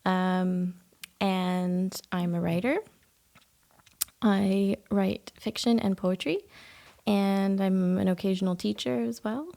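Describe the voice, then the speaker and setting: A Canadian woman talks softly and thoughtfully as a podcast guest. Her mid-pitched voice often slips into a gravelly fry at the ends of phrases. Her manner is relaxed and lightly amused. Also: takes it slowly. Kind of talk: casual chat. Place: small room in a historic house.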